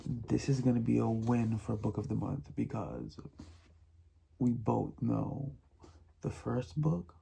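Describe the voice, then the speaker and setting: Slow, gravelly-voiced man vlogging about books. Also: medium pitch, animated, warm tone, a little hiss or hum. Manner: emphatic, repeats himself, laughs often, drops to whispers. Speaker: book vlogger. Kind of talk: casual reading vlog.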